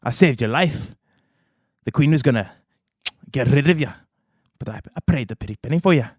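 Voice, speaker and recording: A man's voice: mid-range voice, expressive, normal speed, darkish tone, no room sound, studio quality, pitched above the performer's own voice, lightly acted. A man doing a snide, boastful dwarf jailer. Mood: boastful threat. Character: gruff dwarf jailer, male, proud, threatening.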